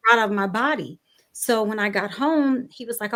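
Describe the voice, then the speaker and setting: Young adult woman, panel guest, animated storyteller, voices the people she quotes. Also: a little high, a little fast. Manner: animated storyteller, acts out dialogue. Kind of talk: personal story on a talk show panel.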